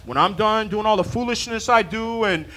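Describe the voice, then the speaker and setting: A man preaching a sermon to his church, animated and laughing, acting out his talks with God. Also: sits high, normal speed. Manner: animated, acts out dialogue with God, laughs often.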